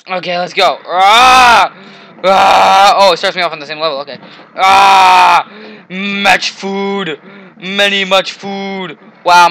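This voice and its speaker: A man's high, bright voice with a gravelly edge, taking his time between words. He comments on his own gameplay with excitable shouts and playful taunts at the enemies. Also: poor audio. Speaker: gamer. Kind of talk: let's play commentary.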